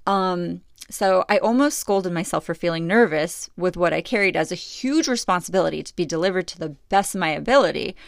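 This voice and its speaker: A middle-aged woman with a low, gravelly voice tells a personal story. She talks earnestly and reflectively, with plenty of pauses and fillers. The sound is close and dry, with no room around it. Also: dry recording. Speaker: podcast host.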